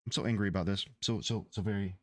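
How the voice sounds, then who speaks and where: Give me a man rambling and swearing on a livestream, low-pitched and dry. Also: steady tone, fast, fairly bright tone, dry recording. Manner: rambling, profane, exasperated. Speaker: game developer streamer. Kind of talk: casual livestream chat.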